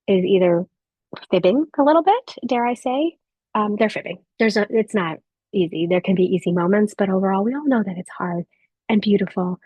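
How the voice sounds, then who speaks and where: A woman in her thirties giving a gentle motivational talk to a live audience of mothers, speaking softly with reflective pauses. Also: medium pitch, husky, dry recording. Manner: soft, warm encouraging delivery with reflective pauses.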